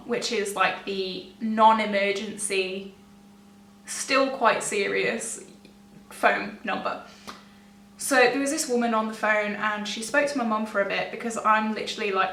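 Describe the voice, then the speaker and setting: A woman's voice: mid-range voice, steady tone, moderate pace, fairly bright tone. A young woman, telling a personal story to camera in a rambling, self-interrupting way with nervous laughs. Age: young adult. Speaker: vlogger. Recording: echoey room, distant mic, faint hum.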